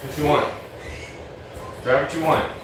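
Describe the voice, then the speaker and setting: A man's voice: on the high side, fairly even intonation, unhurried, noisy background. Blunt, tired man chatting on a livestream. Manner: blunt, rambling, swears freely. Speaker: livestream host. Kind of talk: casual livestream chat.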